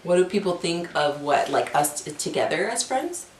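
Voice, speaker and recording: A woman's voice: fairly low pitch, sing-song, normal speed, a little hiss or hum. A young woman co-hosting a casual best-friend video, talking in a joking, sarcastic way. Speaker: co-host. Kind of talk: casual chat. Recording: echoey room.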